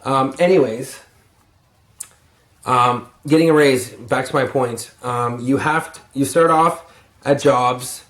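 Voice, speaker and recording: Brief: weary young guy, mid-pitch, casual and cursing, roomy home echo. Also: slow, a bit bright. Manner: rambling, profane, yawning and sighing. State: tired. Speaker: vlogger, lumber yard crew lead. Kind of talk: rambling casual advice vlog. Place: room at home.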